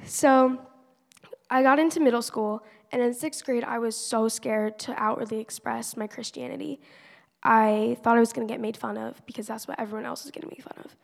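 Teen girl, slightly high voice with gravelly fry, earnest testimony, long reverb of a church hall. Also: steady tone, brisk. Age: teenager. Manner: earnest, conversational, many "like" fillers. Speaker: church member giving a testimony. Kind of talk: personal faith testimony.

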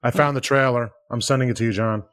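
A man's voice: medium pitch, fairly even intonation, fast talker, fairly bright tone, clear, resonant tone, no echo. Teasing man with dry asides. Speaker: podcast co-host. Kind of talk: casual chat.

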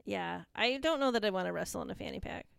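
A woman's voice: medium pitch, fast talker, vocal fry, clear, resonant tone, no room sound, clean studio sound. Giggly woman co-hosting a wrestling chat. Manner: giggly, animated storytelling with quoted asides. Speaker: podcast co-host. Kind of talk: casual chat.

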